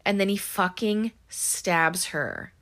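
Bright-voiced woman casually recapping a film. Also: medium pitch, slow. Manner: chatty, lots of "um" and "like", acts out quoted lines.

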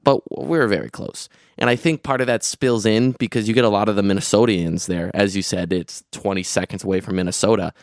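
A young man with a low, smooth, resonant voice, talking casually on a podcast. He rambles, restarts and piles on fillers as he tells his story. The close mic leaves the sound dry, with no room around it. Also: fairly even intonation, brisk, hardly any pauses, dry recording. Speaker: podcast co-host recounting a festival trip. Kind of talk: casual chat.

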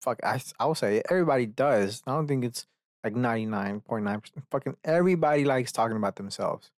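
This podcast host talks fast in a mid-range voice, captured as a dry, clean studio recording. Alone at the mic, he rambles, swears freely, and keeps cutting away to make fun of himself.

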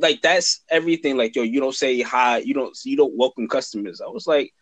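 A man's voice: medium pitch, fairly quick, dry recording. A young man in casual chat on a podcast, talking bluntly and laid-back, swearing freely. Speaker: podcast co-host, cousin.

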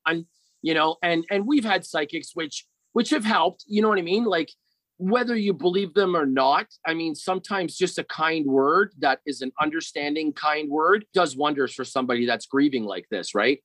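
A middle-aged man tells a long personal story as a podcast guest. His voice sits a little high for a man, and the sound is dry and close with no room echo. He rambles in a loose way and keeps checking in with his listener. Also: normal speed, fairly bright tone. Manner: rambling, often checks in with "right?".

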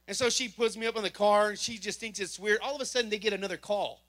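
A man giving a spoken testimony to a congregation, telling an animated story and acting out the dialogue himself. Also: high voice, fast talker, hardly any pauses. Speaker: church member giving testimony.

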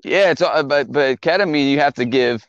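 A man who is a police officer, talking in casual chat with halting, stammering restarts and some casual swearing. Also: mid-range voice, dry recording. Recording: slightly dull lo-fi sound.

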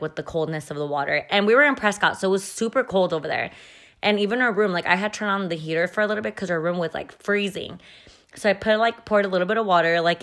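Low-voiced woman telling a story. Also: fairly bright tone. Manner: chatty and profane, heavy use of "like". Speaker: podcast host. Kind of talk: casual storytelling.

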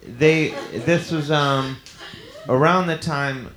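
A man telling an improvised comic story in a halting, deadpan way, full of fillers and restarts. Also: on the high side, reverberant. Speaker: improv guest in character.

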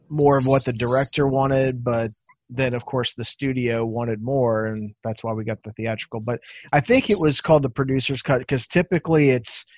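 A man chatting casually on a voice call, animated as he tells stories and acts out quotes. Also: mid-range voice, no echo. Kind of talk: casual chat.

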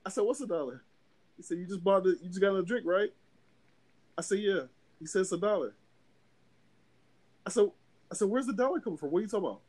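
A young man co-hosting a podcast has a husky, high-sitting voice, talking fast but pausing often. His long, casual story is animated and loaded with swearing, and he acts out each voice on both sides.

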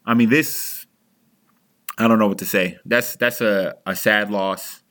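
A man's voice: fairly low pitch, steady tone, unhurried, fairly bright tone. A young man hosting a sports podcast, ranting angrily as a frustrated fan, heated and profane with frequent restarts. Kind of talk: angry fan rant.

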